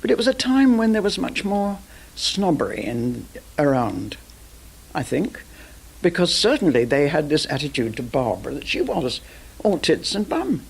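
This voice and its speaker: Raspy older Englishman, lively delivery. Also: on the high side, normal speed, rough recording. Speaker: interviewee, theatre colleague. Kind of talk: reminiscing interview. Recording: old VHS broadcast tape.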